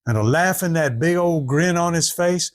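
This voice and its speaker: Folksy storyteller, male, high voice, drawling dialect, does the characters. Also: moderate pace. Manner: drawling rural dialect, acting out each character.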